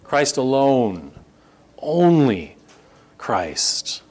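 A pastor delivering a sermon, stressing key phrases and repeating them for emphasis. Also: male voice, medium pitch, sing-song, extremely slow, a little mellow.

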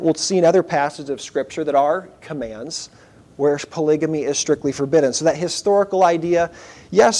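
A man's voice: on the high side, a little mellow. A man preaching a sermon in an earnest, conversational way, with asides to the congregation. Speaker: pastor.

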